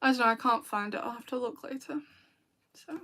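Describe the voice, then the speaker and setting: A British woman's voice sits high and sounds bright and clear as she chats to her livestream viewers. She rambles through her thoughts and breaks into laughs often. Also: quick pace, a little hiss or hum. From Britain. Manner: chatty and rambling, with frequent laughs. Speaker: video creator and streamer. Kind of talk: casual livestream chat with viewers.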